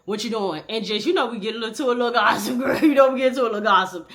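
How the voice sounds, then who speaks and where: A woman in her thirties telling a true-life storytime in a casual, animated, profane way, talking straight to the viewer. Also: fairly high pitch, racing.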